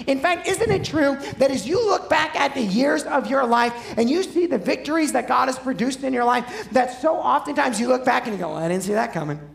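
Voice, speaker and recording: A man's voice: very high voice, animated, normal speed, vocal fry, hardly any pauses, roomy sound. A man preaching a sermon as pastor, talking conversationally and putting questions to his listeners. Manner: conversational, asks the audience questions.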